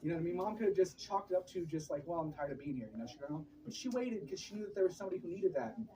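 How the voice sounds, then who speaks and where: A man in his thirties telling lively, laughing stories about his late mother at a memorial gathering. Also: high-pitched, racing. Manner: animated, laughing anecdotes. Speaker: eulogy speaker. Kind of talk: storytelling at a memorial. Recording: distant and noisy room recording.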